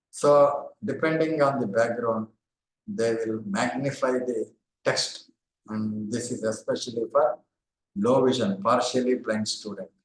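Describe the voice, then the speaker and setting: Older Indian man lecturing, echoey room. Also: medium pitch. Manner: steady explanatory delivery with frequent "uh" pauses and repetitions. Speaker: lecturer, former university librarian. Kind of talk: online lecture.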